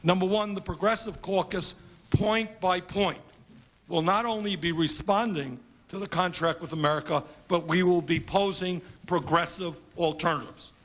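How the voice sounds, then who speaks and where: A man's voice: sits high, normal speed, fairly bright tone. A congressman giving an emphatic speech at a conference, building his points through repeated phrases.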